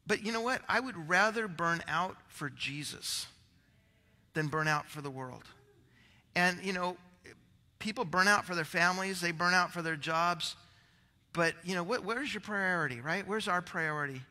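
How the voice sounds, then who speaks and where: A man's voice: sits high, moderate pace, pushed and bright, in a large hall. A male pastor preaching a rambling, conversational sermon, out of breath, with many restarts.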